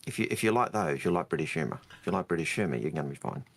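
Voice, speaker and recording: A man co-hosts a casual podcast, his low voice racing and animated with vocal fry. He talks hesitantly, leaning on lots of fillers in this easygoing chat.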